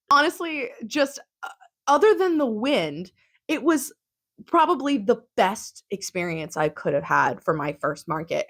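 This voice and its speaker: Chatty, giggly young woman vlogger. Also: on the high side. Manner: chatty, giggly, lots of fillers. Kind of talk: casual recap chat.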